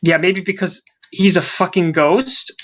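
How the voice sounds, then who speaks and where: A man's voice: high voice, animated, unhurried, a bit bright, a little hiss or hum. Sarcastic, rambling young-sounding man. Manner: rambling, sarcastic, swears casually. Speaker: podcast co-host. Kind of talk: casual chat.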